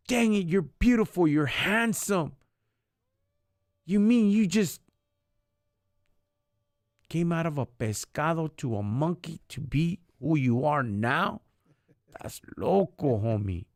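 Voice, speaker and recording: A man's voice: on the high side, no room sound, clean studio sound. A man giving an impassioned faith talk on a live stream, preachy, in street slang, dropping in Spanish words. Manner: preachy, street slang, calls listeners homie and dog.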